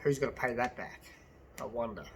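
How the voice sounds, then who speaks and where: An Australian business owner rants at his phone camera, his medium-pitched voice coming a little fast over slight background noise. He's passionate and blunt, swearing and repeating himself.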